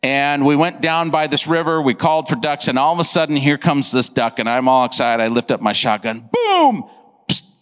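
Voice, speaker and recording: A man preaching a sermon, telling a funny story in an animated, comic way and acting out sound effects. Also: mid-range voice, fairly quick, hardly any pauses, smooth, in a large hall. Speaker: pastor. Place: church.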